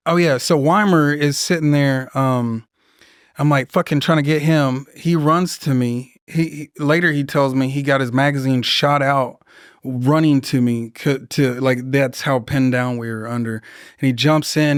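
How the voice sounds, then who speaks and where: A man's voice: a little high, moderate pace, clean tone, no room sound, studio quality. Profane man telling a war story. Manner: profane, animated, acts out voices in his stories. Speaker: guest, Marine veteran. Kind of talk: casual storytelling.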